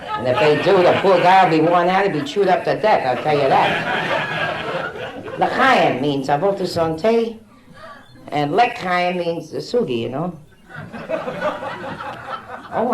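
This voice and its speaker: On a nightclub stage, a middle-aged comedienne works a handheld mic, teasing the audience with bawdy material. Her low, animated voice moves at a measured pace with long pauses, over a noisy crowd, captured in a roomy early-1960s live recording with music.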